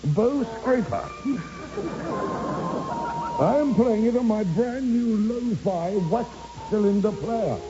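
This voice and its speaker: An actor playing a pompous Victorian detective in a comic radio play, with a theatrical, mock-grand manner. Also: male voice, sits high, animated, slow, pauses often, over loud music. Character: pompous Victorian detective, man, middle-aged. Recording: dull lo-fi recording, loud hiss.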